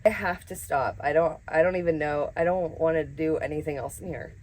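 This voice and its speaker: A woman's voice: sits low, fairly even intonation, brisk, darkish tone. A woman vlogging her DIY build to camera inside a small camper, talking in a candid, emotional and self-deprecating way. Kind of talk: casual vlog talking to camera.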